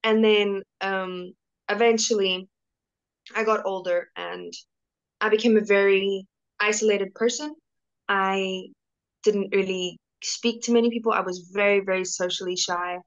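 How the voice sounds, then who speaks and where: A woman's voice: medium pitch, fairly even intonation, a little slow, smooth, highs cut off. A young woman, an interview guest, talking casually on a video call with many restarts and fillers.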